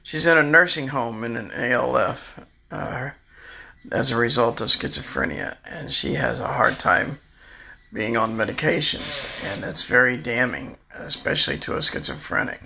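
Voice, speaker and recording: A man's voice: mid-range voice, creaky, sharp tone, slight background noise. A man in his sixties rambling through a candid, confessional personal monologue. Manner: rambling, confessional, restarts often. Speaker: storyteller recounting his life.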